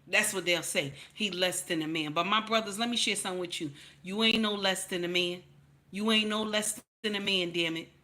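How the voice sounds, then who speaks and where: Bright-voiced lady ranting to camera, preachy and cussing, keeps saying baby, repeats herself hard. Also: medium pitch, steady tone, brisk. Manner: preachy, blunt and profane, calls listeners "baby"; repeats points for emphasis, rising to loud outbursts. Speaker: commentary channel host. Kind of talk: emphatic opinion commentary to camera.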